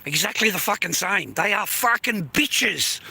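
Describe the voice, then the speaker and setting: Aussie bloke ranting on a live, swears nonstop, high bright voice, really cranky. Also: male voice, lively intonation, measured pace, vocal fry, breathy edge, dry recording. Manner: angry, heavy swearing, blunt. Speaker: livestreamer. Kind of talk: profane live-stream rant.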